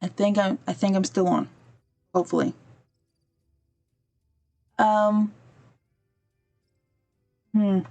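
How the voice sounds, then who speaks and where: A woman's voice: medium pitch, slow pace, gravelly, pauses often, a little mellow, faint music behind. A woman hosting a podcast, telling a story casually while she plays a game on a livestream. She wanders off-topic to fix her stream and briefly acts out the people she quotes. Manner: chatty, digressive, breaks off to fix her stream. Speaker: podcast host.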